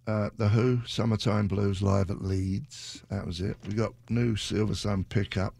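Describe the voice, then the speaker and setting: A man's voice: lowish voice, steady tone, measured pace, gravelly, dark tone, husky, no echo. A British man hosting a radio show, chatting casually in a rambling, self-deprecating way into a studio mic. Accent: British English. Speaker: radio DJ host.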